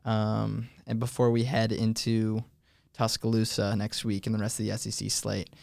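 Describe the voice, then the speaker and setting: A young man hosting a casual college sports talk show, thoughtful and filling pauses with um as he thinks aloud. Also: fairly low pitch, monotone, creaky, darkish tone, dry recording, clean studio sound. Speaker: host.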